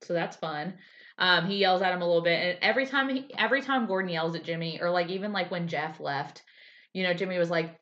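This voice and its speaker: Woman, podcast co-host, casual chat, lowish voice, animated, lo-fi audio. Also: fast talker. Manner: animated storyteller, acts out quotes in a raised voice. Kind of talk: casual chat recapping a TV episode. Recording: slightly dull lo-fi sound.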